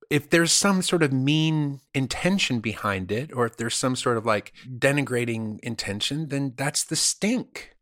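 Bright-voiced joking male podcast host. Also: medium pitch, no echo, clean studio sound. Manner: crude, joking storyteller, acts out quotes in funny voices. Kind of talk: casual comedic podcast chat.

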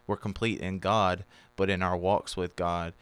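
Deep-voiced young man preaching earnestly. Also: little pitch movement, a little slow, fairly bright tone, clear, resonant tone. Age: 20s. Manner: preachy, quoting scripture. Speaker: podcast co-host. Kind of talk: casual faith conversation.

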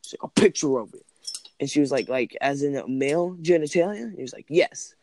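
A man's voice: on the high side, animated, fairly quick, darkish tone, a little hiss or hum. A man in casual chat, rambling through school stories with lots of "like" and "um". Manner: rambling, heavy use of "like" and "um".

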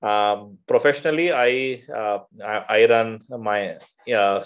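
Hesitant Indian man, low voice. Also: steady tone, slow, clear, resonant tone, lo-fi sound. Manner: hesitant, many filler uhs and restarts. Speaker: podcast guest, venture fund founder. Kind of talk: conversational interview.

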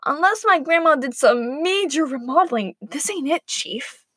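A woman's voice: high voice, expressive, moderate pace, fairly bright tone, no room sound, studio quality, voice pushed up. Woman doing a snappy, sarcastic girl.

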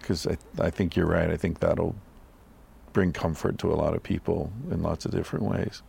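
A man hosting a podcast interview, calm and reflective, with short encouraging replies and thoughtful questions. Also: low-pitched, moderate pace, vocal fry, slightly rough. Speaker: podcast host. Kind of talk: conversational interview.

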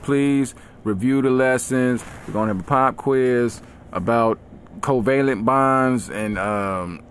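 A man voicing a weary male chemistry teacher who lectures slowly and tiredly. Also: medium pitch, slight background noise, close to an everyday voice.

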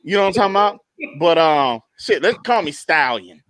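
A young man co-hosting a podcast, telling a comedic story with a lively, swooping delivery and a slightly high voice. He laughs often and keeps checking in with his listeners. The sound is close and dry, with little room echo. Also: fairly quick. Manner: animated storytelling with constant laughs and "you know what I'm talking about". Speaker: podcast co-host. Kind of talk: casual comedic chat.

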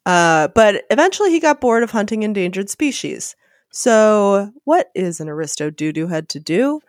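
A woman's voice: mid-range voice, very animated, moderate pace, no room sound, clean studio sound. A woman hosting a casual literature podcast, sardonic and profane, mixing story readings with jokes. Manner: profane, sardonic, reads story passages aloud. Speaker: podcast host.

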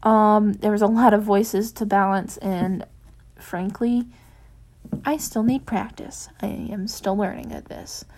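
A woman reads a fan fiction chapter aloud in a soft, unhurried voice. Afterwards she drops into a casual, rambling chat with her listeners, full of ums. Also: mid-range voice, fairly even intonation, a little hiss or hum. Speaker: fanfiction reader. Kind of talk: audiobook narration of fan fiction.

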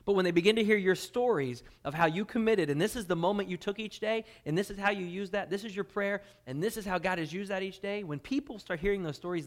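A pastor delivering a sermon to his church, his fairly high male voice rising and falling in force. He leans on key words, slows down for scripture and speeds up when he explains. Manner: dynamic preaching, drops to quiet intensity then swells loud.

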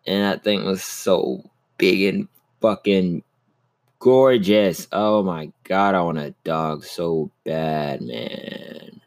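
A man's voice: low-pitched, slow pace. A young man hosting a solo podcast, rambling in a casual, upbeat way and swearing a lot. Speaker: podcast host.

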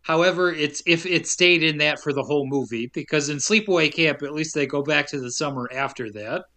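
Male podcast host, bright, slightly high voice, quick laughs, casual chat. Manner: lively, laughs often, quick asides.

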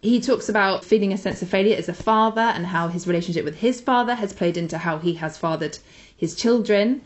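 A woman co-hosting a casual podcast. She gushes with enthusiasm as she recommends things she loves, in an ordinary middle-pitched voice. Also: brisk. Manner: enthusiastic, gushing. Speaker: podcast co-host.

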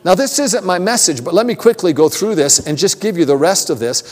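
A man preaching a sermon, telling stories in a conversational, animated way with self-deprecating humor. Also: sits high, a little fast. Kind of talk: sermon with storytelling. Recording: long reverb of a large hall.

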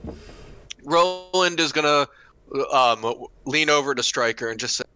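A man's voice: fairly high pitch, animated, a little slow, bright, forceful tone, clean tone. A man playing a tabletop game, eager and upbeat as he narrates his character's moves. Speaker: player.

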